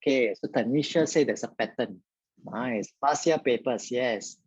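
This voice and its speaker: A man's voice: mid-range voice, moderate pace, darkish tone, breathy edge, dry recording, lo-fi sound. A man tutoring biology in a live online lesson, talking straight to his viewers and filling his speech with "okay".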